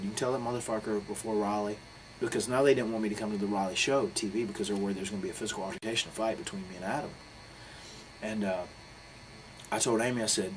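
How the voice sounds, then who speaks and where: Words rushing out in a fairly low voice, a professional wrestler from North Carolina gives a candid interview, telling a heated personal story with blunt profanity. The audio is poor, with faint noise in the background.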